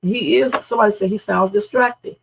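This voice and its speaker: Gravelly, husky woman livestream host. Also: mid-range voice, brisk, poor audio. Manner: emphatic, speculative, repeats points with slang. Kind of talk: live reaction commentary.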